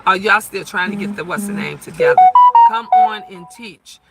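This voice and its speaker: A woman in her fifties talking loudly and emphatically on a casual livestream, chatting and answering viewer comments. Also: medium pitch, normal speed, loud music behind the voice. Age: 50s. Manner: loud, emphatic talker who gets louder when emotional.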